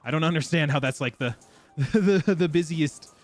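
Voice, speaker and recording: A man streams a game and chats casually with his viewers while he plays, rambling and laughing often. His voice is fairly high and his pace normal, with soft background music.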